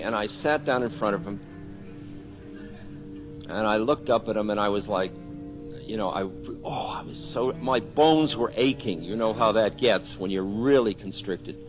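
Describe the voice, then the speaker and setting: A man's voice: on the low side, animated, moderate pace, muffled recording, music in the background. A man, a spiritual teacher, telling a candid story about himself in a talk, self-mocking and often chuckling.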